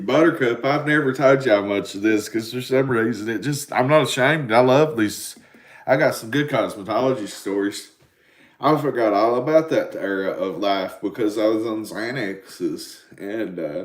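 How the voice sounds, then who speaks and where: A man in his forties with an Appalachian accent, rambling and swearing in casual live-stream chat with his viewers. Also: on the low side. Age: 40s. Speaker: livestream host. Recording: roomy echo.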